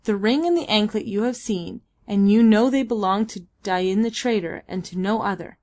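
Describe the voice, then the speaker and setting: A woman's voice: medium pitch, moderate pace, a little mellow, natural voice. A woman voicing a shrewd old male advisor in an audiobook, speaking sharply and urgently. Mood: commanding.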